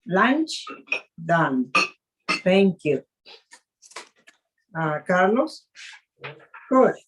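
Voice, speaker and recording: A woman chef leading a live cooking demonstration, speaking haltingly with fillers and restarts, an English speaker. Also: lowish voice, sing-song, noisy background.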